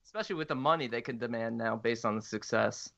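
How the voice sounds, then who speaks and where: A man's voice: mid-range voice, fast, vocal fry, a bit bright, dry recording. Male podcast co-host, blunt opinions, dry and dull-sounding recording. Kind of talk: casual podcast chat and reading listener email aloud.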